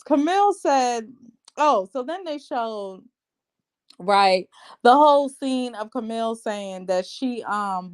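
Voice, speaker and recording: A woman's voice: mid-range voice, clean tone. A woman hosting a reality TV recap in a casual, sassy, blunt rant. She talks straight to her viewers and calls them babe and child.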